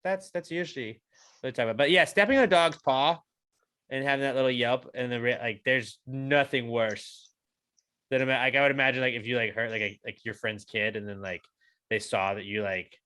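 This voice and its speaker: A man's voice: medium pitch, steady tone, a little fast, pushed and bright, clean tone. A man co-hosting a podcast, talking in loose, rambling casual chat. He runs himself down cheerfully and swears freely as he goes. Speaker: podcast co-host.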